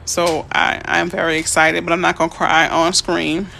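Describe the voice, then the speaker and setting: A woman realtor chatting casually on a live stream, reading out viewer comments and answering them in a chatty, excitable way. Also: on the low side, moderate pace, vocal fry, slight background noise. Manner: chatty, excitable, easily emotional. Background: birds chirping faintly.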